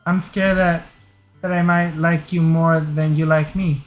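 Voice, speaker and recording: A sad, self-doubting teenage girl speaks in a high, trembling plea, as a man puts her on. Her words come slowly and break off as she falls apart. Soft game music hums behind her. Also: flat delivery, lightly acted. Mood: scared. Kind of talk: dramatic reading of a game script.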